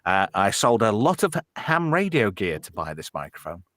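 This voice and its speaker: A slightly drunk man hosts a casual show, rambling between topics and swearing freely. His pitch swings about a lot. The sound is dry and close. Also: sing-song, normal speed, a bit bright, no room sound. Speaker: show host reading chat. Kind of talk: casual chat.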